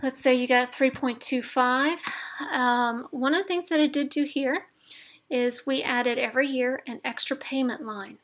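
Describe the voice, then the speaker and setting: Middle-aged woman, slightly high voice, casual encouraging tutorial host, chatty with fillers. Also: measured pace, a bit bright. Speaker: instructor demonstrating a debt spreadsheet. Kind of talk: casual screen-share tutorial.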